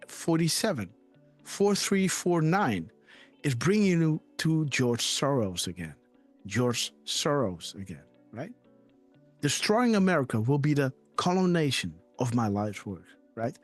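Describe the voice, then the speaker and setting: A man hosting a live decode show, with a voice that sits a little high and swings up and down a lot. He keeps checking in with his listeners, and faint music plays underneath him. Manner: animated, repeats "right?" and "guys". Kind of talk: conspiracy decode commentary.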